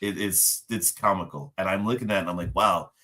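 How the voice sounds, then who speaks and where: A man's voice: low voice, fast talker, pushed and bright. A man from Nigeria telling casual stories about his kids, acting out their lines and laughing often. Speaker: show regular, father. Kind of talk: casual chat.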